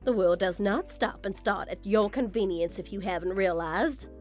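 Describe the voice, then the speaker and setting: A woman's voice: mid-range voice, moderate pace, darkish tone, soft background music, lightly acted. A woman playing a vain, belittling middle-aged mother-in-law in a text-story drama. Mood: scolding. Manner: haughty, belittling, self-admiring.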